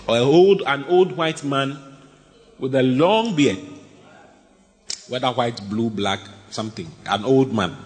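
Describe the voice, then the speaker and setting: A man preaching a sermon, swinging from low murmurs up to high shouted lines and reading scripture aloud. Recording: long hall reverb.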